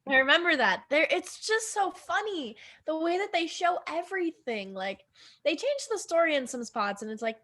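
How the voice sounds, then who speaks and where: A young woman co-hosting a casual chat, animated and quick to swear. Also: very high voice. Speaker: podcast co-host.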